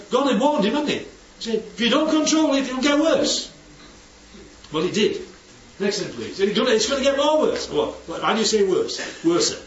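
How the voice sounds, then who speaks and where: A man giving an informal Bible teaching to a group, often asking the listeners questions and checking they follow. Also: sits high. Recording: distant, dull, roomy recording with faint noise.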